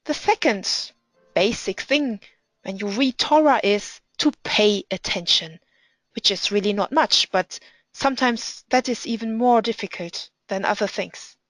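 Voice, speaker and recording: A woman's voice: mid-range voice, a bit bright, no room sound, soft background music, low-quality recording. Woman teaching Hebrew pronunciation, dry sound. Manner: patient, deliberate, reads Hebrew aloud slowly. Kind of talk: instructional explanation with reading examples.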